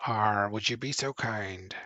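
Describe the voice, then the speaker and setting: A man voicing a gruff old one-legged male pirate who talks in heavy pirate slang with a slow growl. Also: lowish voice, bright, forceful tone, dry recording, lo-fi sound.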